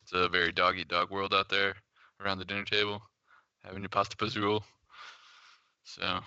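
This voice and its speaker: A man co-hosting a casual podcast, deadpan and sardonic. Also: sits low, moderate pace, clean tone, no echo, highs cut off. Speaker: podcast co-host.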